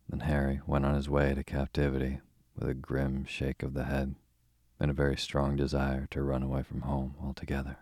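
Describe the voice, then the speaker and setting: Male bedtime story host; very deep and flat delivery in a dry, close sound. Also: moderate pace, no echo. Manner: relaxed, informal. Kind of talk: soothing bedtime story reading.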